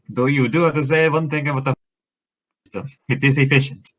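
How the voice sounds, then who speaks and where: A man's voice: medium pitch, steady tone, measured pace, low-quality recording. A man chatting and joking casually while playing through a game with a friend. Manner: joking, laughing between lines. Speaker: let's play co-player. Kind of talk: casual chat over a game.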